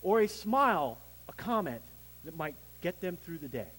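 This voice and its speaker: Animated preaching man in a reverberant hall. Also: fairly high pitch, normal speed, breathy edge. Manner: preaching with emphatic swells and drops, some restarts. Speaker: pastor. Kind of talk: sermon.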